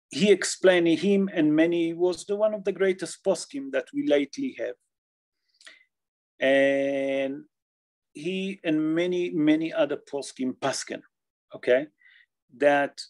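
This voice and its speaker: A man teaching a Torah class as a rabbi, explaining Jewish law in a halting way, often repeating and restarting phrases and checking in with his listeners. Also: on the high side, creaky, darkish tone, rough recording.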